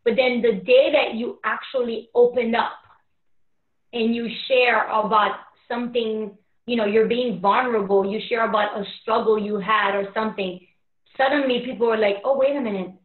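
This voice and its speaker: Casting: woman talk host, affirming and chatty, higher voice, phone-like echoey audio. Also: steady tone, moderate pace. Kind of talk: casual interview conversation. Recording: tinny echoey phone-like line.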